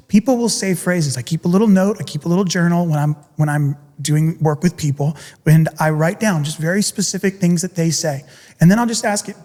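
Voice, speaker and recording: A man's voice: high voice, dark tone, in a large hall. A middle-aged man, a podcast guest and coach, telling a personal story intensely and earnestly. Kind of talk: candid interview talk.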